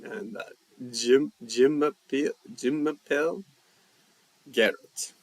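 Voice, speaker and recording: A man hosting a casual language-learning live chat, reading viewer comments and musing aloud at an easy, unhurried pace. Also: on the high side, no echo. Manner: slow, relaxed, thinking aloud while reading chat. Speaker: language livestream host.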